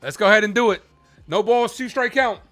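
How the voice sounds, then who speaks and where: A man hosting a live baseball stream, chatting casually with viewers while calling the pitches in an animated way. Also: brisk, faint music behind. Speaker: live play-by-play streamer and host.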